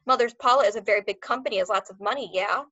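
A woman voicing a loud, hot-tempered German dog trainer who speaks broken English, read aloud from a storybook. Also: high voice, racing, no room sound, dull audio. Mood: scheming. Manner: broken English, furious ranting.

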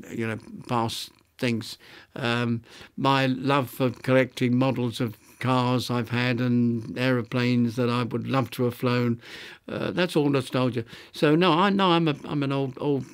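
Halting elderly man reminiscing. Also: mid-range voice, fairly even intonation, clear, resonant tone. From London, England. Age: 90s; older. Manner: halting, reflective, many restarts and fillers. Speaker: interviewee, retired architect. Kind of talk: reminiscing interview.

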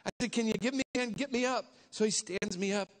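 A man preaching a sermon as a lively story, acting out the people in it with sudden shouts and stretched-out words. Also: high voice. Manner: animated, acts out voices with shouts and drawn-out words. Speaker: guest preacher.

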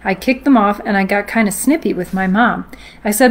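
A host on a live stream reads a ghost story aloud in a medium-pitched voice, telling it in a steady, measured storytelling manner.

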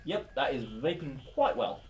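A man's voice: medium pitch, big pitch swings, moderate pace, soft background music. A man chatting animatedly and jokingly while reviewing a vape product. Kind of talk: casual review chat.

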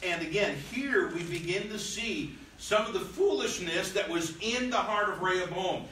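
In a church room, a man teaches a Bible lesson, reading old scripture aloud before explaining it in casual, plain talk. His voice is high, bright and forceful, expressive at a normal speed. The room is echoey, the mic is at a distance, and there's slight background noise.

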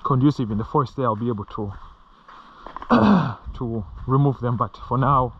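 A man's voice: medium pitch, moderate pace, dull audio, slight background noise. A middle-aged man talking casually as he walks a muddy outdoor trail, joking and tagging sentences with "eh?". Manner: rambling, joking, frequent "eh?" tags. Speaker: vlogger on a hike. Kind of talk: casual walking vlog narration.

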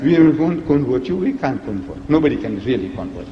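A man giving an emphatic public lecture, asking rhetorical questions with a lively, teasing delivery, heard on an archive recording. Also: mid-range voice, brisk, slight background noise. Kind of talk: public lecture played in a reaction video. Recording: echoey hall, dull lo-fi archive recording.

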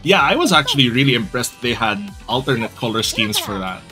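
A woman's voice: very deep voice, very animated, fairly quick. A woman hosting a reaction video, chatting casually over clips and laughing often. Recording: faint music behind the voice.

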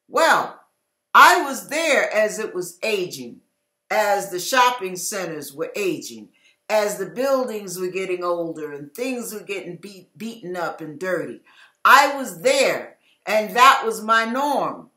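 Woman preaching slow and emphatic, high bright voice, echoey room. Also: very animated. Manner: emphatic, repetitive, acts out quarrels in quoted voices. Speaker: Christian teacher. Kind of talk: sermon-style Bible teaching.

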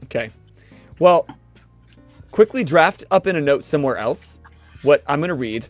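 A man's voice: fairly high pitch, expressive, normal speed, no room sound, faint music behind. A man co-hosting a casual live stream, teasing his guests and laughing often. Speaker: co-host. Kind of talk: casual livestream chat.

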